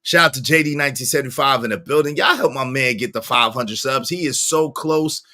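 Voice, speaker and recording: A man hosting a casual livestream, greeting viewers by name, with sudden jumps into squeaky high tones. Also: brisk, pushed and bright. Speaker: livestream host.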